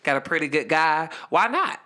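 Bright-voiced woman telling a story. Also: deep voice, normal speed. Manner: animated, acts out quoted lines, laughs while telling. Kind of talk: casual storytelling chat.

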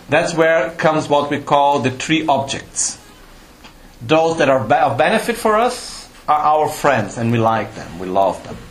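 A man giving a Buddhist teaching to a live audience, explaining patiently and checking in with questions, with slightly non-native phrasing. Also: fairly high pitch. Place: retreat teaching hall. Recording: roomy hall, faint ambience.

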